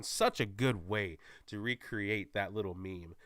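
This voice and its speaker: A man giving a casual, excited spoiler recap as a movie reviewer, rambling and correcting himself as he goes. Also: fairly low pitch, measured pace, hardly any pauses, no room sound, clean studio sound.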